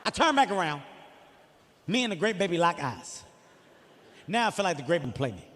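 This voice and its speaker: A man in his forties doing stand-up comedy on a theater stage, telling an animated, profane story and acting out the voices of the people in it. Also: high voice, a little fast. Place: theater stage before an audience. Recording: live hall reverb, faint ambience.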